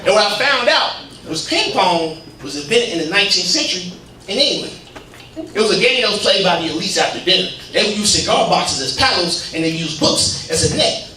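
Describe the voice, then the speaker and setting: Stand-up comedian man, high voice, echoey hall. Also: brisk. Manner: animated storytelling, voices friends in quoted asides. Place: legion hall stage, live audience. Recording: echoey hall, captured from a distance, noisy. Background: audience laughter.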